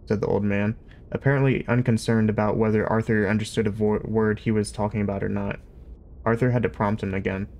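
A man reading a novel aloud at an easy pace, with an occasional slip of the tongue. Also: fairly low pitch. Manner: steady, unhurried storytelling with occasional slips. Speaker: audiobook reader. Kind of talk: amateur audiobook reading.

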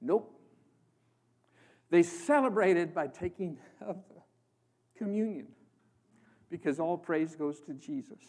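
A man from the American Midwest preaching a sermon as a guest preacher, swinging between loud proclamation and hushed emphasis. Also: fairly high pitch, expressive, slow, pauses often, breathy edge. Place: church.

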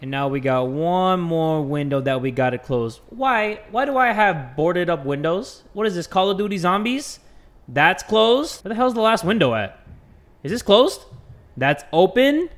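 A man hosting a horror game let's play, joking around and breaking into sudden loud outbursts. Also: high voice, lively intonation, normal speed. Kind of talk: horror gameplay commentary.

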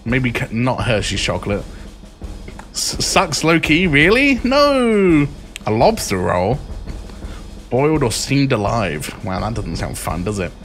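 A man's voice: medium pitch, very animated, a little slow, faint music behind. A young man streaming live, reading items aloud and reacting with crude, joking remarks. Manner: crude, joking, reacts loudly to each item.

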